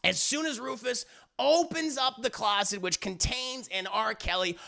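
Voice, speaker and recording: A man's voice: very high-pitched, moderate pace, gravelly, sharp tone. A man streaming live, animatedly retelling a story with lots of cursing while talking to his chat. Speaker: streamer reviewing media.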